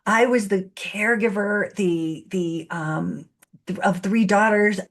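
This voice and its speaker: Chatty woman host, middle pitch. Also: takes it slowly. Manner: chatty, personal anecdotes, frequent affirming murmurs. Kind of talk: conversational interview.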